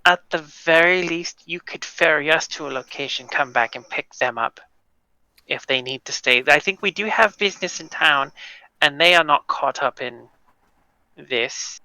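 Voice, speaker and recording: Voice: mid-range voice, normal speed, bright, forceful tone, no echo, poor audio. A tabletop player chatting casually and describing their character's actions, with many fillers. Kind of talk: casual tabletop role-play.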